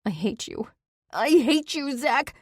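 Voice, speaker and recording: A woman's voice: mid-range voice, drawn-out words, a little mellow, no room sound, clean studio sound, voice pushed up. A woman voicing a distraught young woman in a fantasy audiobook, shrieking her lines in desperate, sobbing fury. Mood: screaming despair.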